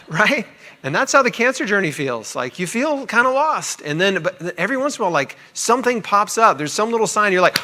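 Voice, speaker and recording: A middle-aged man telling his own story to an audience in a chatty, animated way, acting out the people he quotes. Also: high-pitched, brisk. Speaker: cancer survivor sharing his story.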